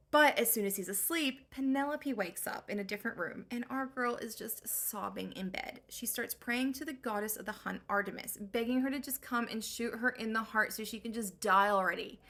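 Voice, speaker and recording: A woman's voice: on the high side, normal speed, fairly bright tone. A woman recapping an old story for comedy in slangy, sarcastic valley-girl speech. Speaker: host.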